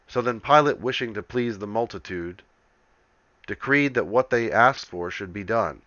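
A man giving a scripted scripture reading in a measured, solemn way. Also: fairly low pitch, fairly bright tone, dry recording, highs cut off. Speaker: scripture reader.

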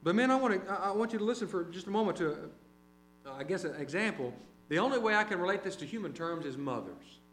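High-voiced man preaching in echoey room. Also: animated, quick pace, faint music behind. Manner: conversational, anecdotal, varies loudness widely. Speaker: preacher and teacher. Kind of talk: sermon. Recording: roomy hall with mains hum.

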